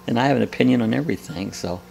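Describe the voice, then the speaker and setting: A man's voice: medium pitch, creaky, darkish tone. A man hosting a live coffee chat, blunt and jokey, laughing often as he reads viewer comments. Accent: American.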